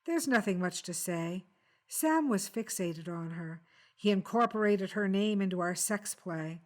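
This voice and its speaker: A woman reading the lines of a guarded, cornered housewife who answers in terse, flat, reluctant replies. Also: mid-range voice, measured pace, natural voice. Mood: flat confession.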